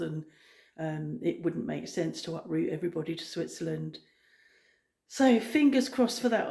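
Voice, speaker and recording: Lady vlogging, rambly and relaxed, mellow gravelly voice, echoey room. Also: fairly low pitch. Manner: rambling, frequent ums, soft-spoken. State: out of breath. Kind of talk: casual chat.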